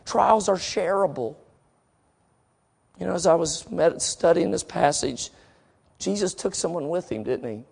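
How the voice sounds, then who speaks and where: A middle-aged man preaching a sermon, swinging from soft, slow passages to emphatic exhortation, and reading scripture aloud deliberately. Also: high voice, animated, gravelly, slightly rough. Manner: reads scripture aloud slowly.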